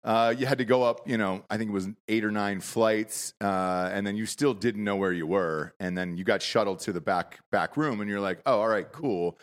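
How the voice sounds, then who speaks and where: A man's voice: lowish voice, fairly even intonation, moderate pace, hardly any pauses. A man hosting a podcast, talking loosely and casually with profanity. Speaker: podcast host. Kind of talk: casual chat.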